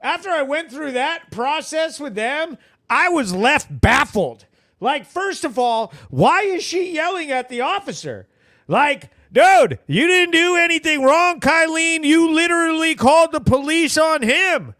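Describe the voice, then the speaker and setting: A man's voice: very high voice, a little slow, no room sound. A man hosting a local news recap show, in casual, profane commentary that keeps addressing the viewer as bro. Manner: animated, swearing, talks to viewers as bro.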